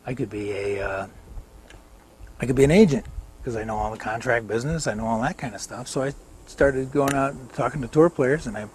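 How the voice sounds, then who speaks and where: A man's voice: medium pitch, brisk, darkish tone, slightly rough. An older American man telling rambling golf stories in a casual interview, chuckling now and then. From United States. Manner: rambling anecdotal storyteller with chuckles.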